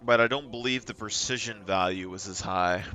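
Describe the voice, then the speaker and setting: A man's voice: lowish voice, normal speed, pushed and bright. A young man streaming a game, chatting and rambling through stories as he plays. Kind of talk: casual chat while playing.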